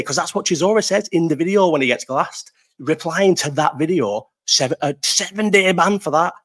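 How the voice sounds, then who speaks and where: A man's voice: fairly high pitch, moderate pace, a bit bright. A man, hosting a casual live chat stream from home, telling rambling stories full of swearing and laughter into a partly covered desk mic. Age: 30s.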